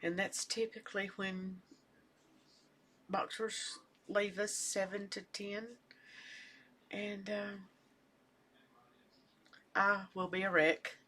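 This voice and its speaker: An older woman chatting casually at home as a knitting vlogger, rambling and soft-spoken, sometimes trailing off into near-whispers. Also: medium pitch, level tone, slow pace, pauses often. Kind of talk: casual chat.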